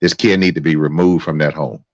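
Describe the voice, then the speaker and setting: A man's voice: very deep voice, fairly even intonation, a little fast, dry recording. A male host giving angry, profane live-stream commentary, repeating himself as he vents. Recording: dry, dull lo-fi sound.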